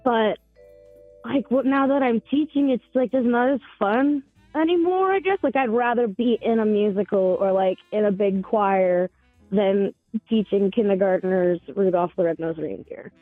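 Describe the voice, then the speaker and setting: A woman's voice: mid-range voice, moderate pace, no room sound, faint music behind. A woman in her twenties calling in to a talk show, rambling casually with lots of fillers and the odd swear. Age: 20s. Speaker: caller. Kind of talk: casual phone chat. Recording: tinny phone line.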